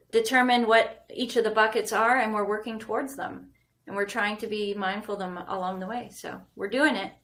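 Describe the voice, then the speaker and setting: A woman, a guest architect talking casually in a podcast interview, animated and quick to laugh. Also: mid-range voice. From Canada. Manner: animated, laughs often, playful.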